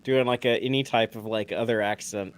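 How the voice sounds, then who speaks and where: A man's voice: fairly low pitch, steady tone, a little fast, no echo. A man from rural Texas with a Texas accent, laid-back in a casual late-night chat.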